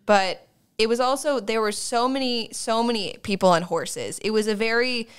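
A woman's voice: fairly high pitch, normal speed, smooth. A young woman co-hosting a podcast, wryly recapping film scenes in casual chat. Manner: wry, recaps scenes with mock quotes. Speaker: podcast co-host.

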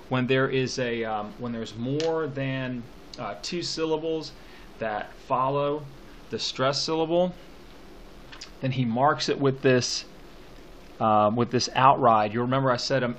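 A man teaching a class on a poem, talking slowly and haltingly with many fillers, stopping to read lines aloud. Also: medium pitch, a bit bright, slight background noise. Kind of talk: classroom poetry lecture.

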